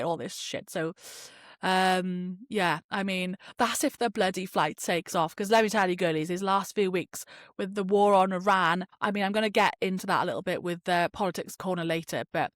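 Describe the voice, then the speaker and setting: Woman, podcast host, casual rambling chat, sweary, has a cold, middle pitch, dry close sound. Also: fairly even intonation, normal speed, dry recording. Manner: chatty, rambling, sweary, with frequent fillers.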